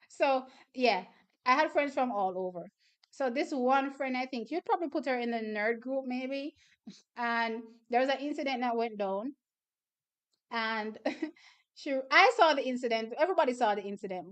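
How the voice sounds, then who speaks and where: A young woman hosting a casual livestream, animated storyteller who laughs often. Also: fairly high pitch. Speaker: livestream host.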